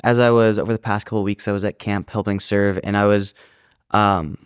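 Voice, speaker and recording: A man's voice: fairly low pitch, fairly even intonation, fairly quick, clean tone, dry recording, clean studio sound. A man co-hosting a casual faith discussion, speaking in a heartfelt, emotional way. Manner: heartfelt, emotional, reads scripture aloud. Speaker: podcast co-host.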